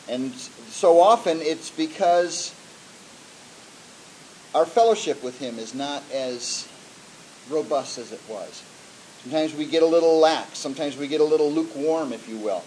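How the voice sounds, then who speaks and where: A man's voice: sits high, a little mellow, slight background noise, rough recording. A man preaching a sermon in a conversational way, with frequent fillers and restarts. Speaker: pastor.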